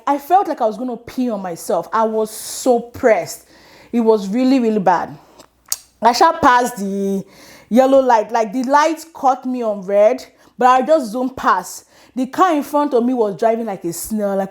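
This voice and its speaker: Chatty Nigerian woman telling a story. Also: fairly high pitch. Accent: Nigerian English. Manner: animated, chatty, laughs at herself. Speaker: vlogger. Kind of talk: casual storytelling to camera.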